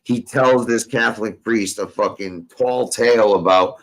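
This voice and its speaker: A man's voice: on the low side, fairly even intonation, unhurried, few pauses, low-quality recording. A young man hosting a casual talk show, telling a rambling story full of profanity and street slang. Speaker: podcast host.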